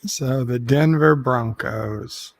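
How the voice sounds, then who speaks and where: A man's voice: medium pitch, takes it slowly, no echo. A man co-hosting a podcast, chatting casually and cracking dry, wry jokes. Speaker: podcast co-host. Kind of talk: casual chat.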